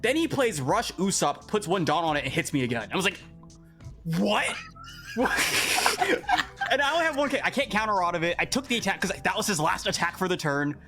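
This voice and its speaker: A young man, a podcast guest, telling a story in casual chat, animated and exasperated, often repeating himself. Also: sits high, fast, hardly any pauses, over loud music.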